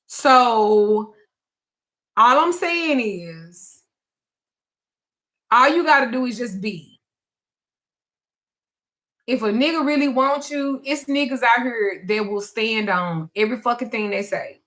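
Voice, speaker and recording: A woman hosts a live call-in talk show with a bright, cutting voice that sits fairly high. She tells her story bluntly and profanely, with plenty of animation. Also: expressive, slow pace, pauses often. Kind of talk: casual storytelling chat.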